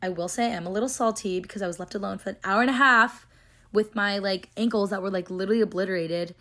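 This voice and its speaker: Fast-talking young woman vlogger. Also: medium pitch, fairly bright tone. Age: young adult. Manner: fast-talking, chatty, lots of fillers. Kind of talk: casual storytelling vlog.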